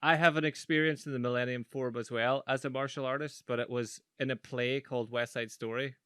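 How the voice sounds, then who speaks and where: A man's voice: medium pitch, steady tone, brisk, fairly bright tone, clear, resonant tone, no echo, studio quality. A Northern Irish man as a podcast guest, playful and self-mocking as he tells an anecdote. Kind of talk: casual chat.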